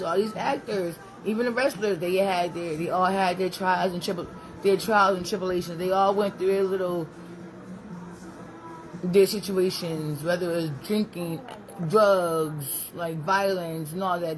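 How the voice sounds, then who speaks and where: A woman's voice: lowish voice, low-quality recording. A woman chatting casually and rambling on a live stream at home, talking to her viewers and to a small child.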